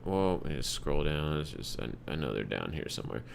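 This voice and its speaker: A man's voice: rumbling low, sing-song, fairly quick, vocal fry, a little hiss or hum. A young man hosting a live market analysis stream, talking casually through charts with loose, jokey, profane asides. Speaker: market analysis livestream host.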